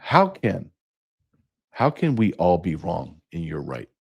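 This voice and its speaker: A man's voice: sits low, very animated, moderate pace, gravelly, warm tone, husky, highs cut off. A middle-aged man hosting a podcast, delivering an angry, profane monologue full of rhetorical questions. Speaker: podcast host. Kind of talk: impassioned monologue.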